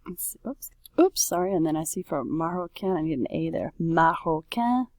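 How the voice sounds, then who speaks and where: A woman's voice: low voice, a little fast, mellow, no room sound, studio quality. A woman French teacher talking casually through a worksheet, correcting herself and saying oops as she goes. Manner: chatty, self-correcting, says oops often.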